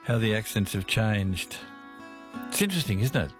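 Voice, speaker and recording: A man's voice: on the low side, sing-song, moderate pace, soft background music. A man with an Australian accent hosting talkback radio and chatting with callers in a friendly, easygoing way. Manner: friendly, chatty, says mate and reckon. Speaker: radio host. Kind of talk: casual talkback radio chat.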